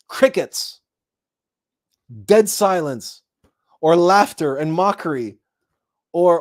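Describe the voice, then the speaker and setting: This spiritual talk comes from a male host with a high voice who narrates like a storyteller, switching to loud, thrilled voices for imagined characters.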